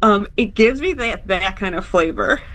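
A woman's voice: mid-range voice, lively intonation, normal speed, fairly bright tone. A woman from Chicago, a public defender, talking casually and ramblingly in an interview.

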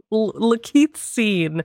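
Animated woman discussing films. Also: mid-range voice, no room sound, clean studio sound. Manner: animated, laughs often, talks in quick bursts. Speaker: podcast co-host. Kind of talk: casual film discussion.

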